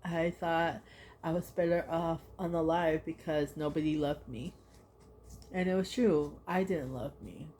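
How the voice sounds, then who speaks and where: A woman's voice: sits low, steady tone, a little slow, mellow, slight background noise. A woman in her thirties giving a casual, heartfelt oracle card reading, rambling and filling her talk with "like". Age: 30s. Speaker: tarot and oracle card reader.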